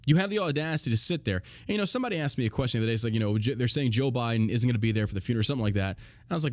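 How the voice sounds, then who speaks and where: Fast, animated, profane male host. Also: mid-range voice, no room sound, clean studio sound. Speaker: show host. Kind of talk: casual political rant.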